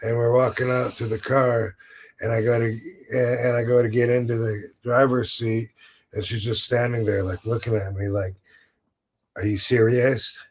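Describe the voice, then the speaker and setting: A man's voice: medium pitch, flat delivery, moderate pace. A man hosting a podcast, telling a rambling story full of restarts and acted-out quotes. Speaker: podcast host. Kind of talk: casual chat.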